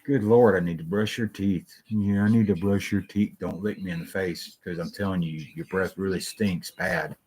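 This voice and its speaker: A man's voice: low-pitched, steady tone, moderate pace, few pauses, a little mellow, a little hiss or hum. A man hosting a solo talk show, rambling and jumping between stories, swearing freely.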